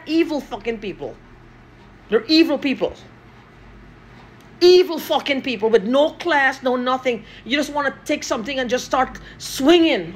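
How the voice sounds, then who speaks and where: A woman from Guyana, talking in an angry, profane monologue and repeating herself. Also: high-pitched.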